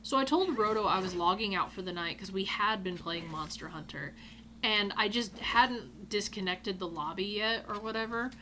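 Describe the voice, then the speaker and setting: A woman hosting a gaming video, telling a casual anecdote in an animated way, swearing freely and acting out quotes with loud cries. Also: mid-range voice, moderate pace, a little hiss or hum.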